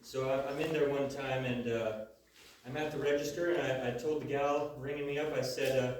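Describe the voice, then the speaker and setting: Halting stand-up man in an echoey room. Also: medium pitch, fairly even intonation, distant mic, slight background noise. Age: 30s. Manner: halting, full of uhs and repeated starts. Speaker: stand-up comedian. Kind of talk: stand-up comedy set. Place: comedy venue before a live audience.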